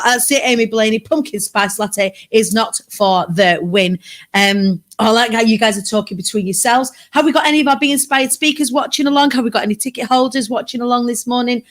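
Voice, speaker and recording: Bubbly chatty woman host, higher voice. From Britain. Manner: bubbly, chatty, rambling asides. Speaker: livestream host. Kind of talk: casual live chat. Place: home sofa.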